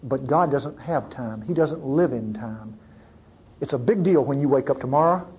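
Brief: male preacher, husky, animated sermon delivery, dull muffled recording. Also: mid-range voice, normal speed. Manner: animated, pleading, swings from loud to hushed.

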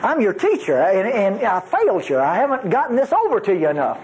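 Man, Bible teacher, high voice, very lively swings in pitch, folksy, emphatic. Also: a little fast, a little hiss or hum, low-quality recording. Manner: animated, emphatic and folksy, with playful asides. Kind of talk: teaching sermon.

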